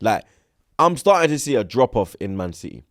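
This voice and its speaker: A young man, co-hosting a casual football chat, animated, slangy and swearing freely. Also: medium pitch, fairly quick, no echo, studio quality. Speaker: co-host, football pundit.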